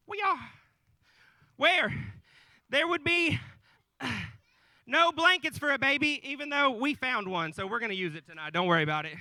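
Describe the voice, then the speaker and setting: A man's voice: extremely high pitch, expressive, unhurried, long pauses, pushed and bright, no room sound, low-quality recording. A man in his thirties telling a folksy, joking nativity story to a live audience, with asides to the crowd. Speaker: storyteller on stage. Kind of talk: comic live retelling of the nativity.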